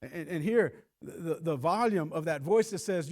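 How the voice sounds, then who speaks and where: A man's voice: a little high, a little slow. A man preaching a sermon as pastor, acting out voices and stumbling over repeated words as he starts a thought. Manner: animated preaching, acts out voices.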